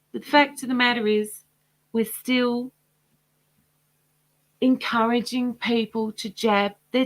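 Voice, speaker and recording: Hoarse woman in an impassioned rant. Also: sits high, unhurried. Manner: impassioned, rambling. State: hoarse, losing her voice. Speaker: host of a livestream. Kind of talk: casual livestream commentary.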